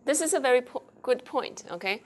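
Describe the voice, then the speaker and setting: A woman's voice: sits high, lively intonation, brisk, darkish tone. A woman lecturing a university class, switching between Mandarin with a Taiwanese accent and English, quizzing students as she explains. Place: lecture hall.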